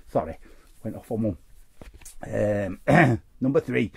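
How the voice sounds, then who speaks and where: A man's voice: lowish voice, expressive, slow, vocal fry, pauses often, husky. A man hosting a casual trading card pack opening, reading the cards aloud and making jokey asides. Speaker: host.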